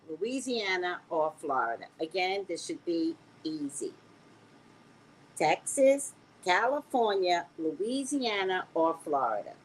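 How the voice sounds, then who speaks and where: A woman with a squeaky voice hosting a casual live stream, reading quiz questions to her viewers and bantering with them in a sassy way. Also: slight background noise, poor audio. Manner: sassy, animated, talks back to viewers.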